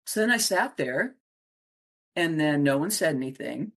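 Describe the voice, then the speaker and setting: A woman's voice: lowish voice, normal speed, husky. A middle-aged woman from Wisconsin, a coach and interview guest, telling stories from her life and acting out the voices of the people in them. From Wisconsin, USA. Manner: animated storyteller who acts out voices. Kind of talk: storytelling in a conversational interview.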